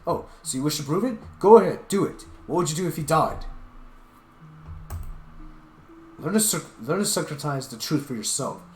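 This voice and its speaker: A stern lecturer, as a man acts it out, tears into a naive ally with loud, biting scorn. A roomy echo and game music fill the space behind the voice. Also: medium pitch, brisk, natural voice. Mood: furious.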